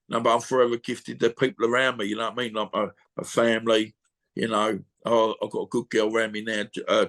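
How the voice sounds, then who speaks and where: A man's voice: fairly low pitch, a bit bright. A man, talking bluntly and at length in an interview over a video call, swearing freely and circling back with "you know what I mean". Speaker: boxer interviewee. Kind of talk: emotional casual interview.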